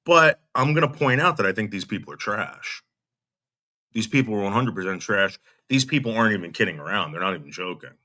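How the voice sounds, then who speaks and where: A man's voice: lowish voice, animated, brisk, bright, forceful tone. A man giving blunt, scornful commentary on a clip and addressing its subject directly. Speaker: commentary streamer reacting to a clip. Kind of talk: reaction commentary.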